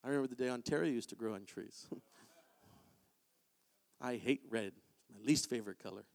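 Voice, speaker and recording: A man preaching a sermon in a church, in an animated, conversational way. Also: medium pitch, normal speed, vocal fry. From Canada. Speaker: pastor. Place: church sanctuary. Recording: long hall reverb.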